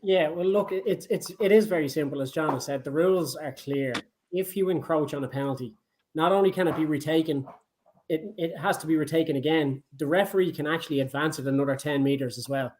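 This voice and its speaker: A man's voice: fairly high pitch, fairly quick, darkish tone, a little hiss or hum. A man joining a casual chat by video call, stating things in a firm, matter-of-fact way. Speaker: panel guest.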